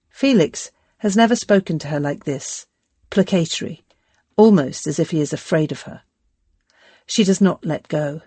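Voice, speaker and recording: Low-voiced woman narrating an audiobook. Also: moderate pace, warm tone, breathy edge, dry recording. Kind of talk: scripted narration.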